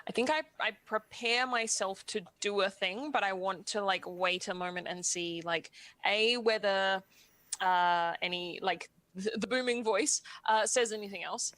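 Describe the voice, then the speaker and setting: A woman's voice: medium pitch, measured pace, fairly bright tone. A woman playing a tabletop game, thinking aloud with many hesitations and fillers. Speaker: player. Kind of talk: tabletop role-play in character and out.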